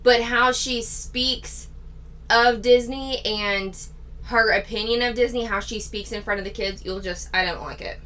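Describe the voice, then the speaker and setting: A woman's voice: on the high side, fairly even intonation, unhurried, bright, forceful tone. A woman hosting a reaction commentary, talking in a candid, critical and sarcastic way. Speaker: commentary channel host.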